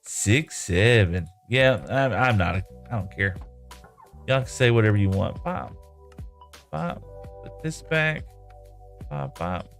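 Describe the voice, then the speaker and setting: A man's voice: fairly low pitch, sing-song, takes it slowly, gravelly, long pauses, fairly bright tone, faint music behind. A man live-streaming a game, chatting casually and reading viewer comments in a rambling, easygoing way, often laughing.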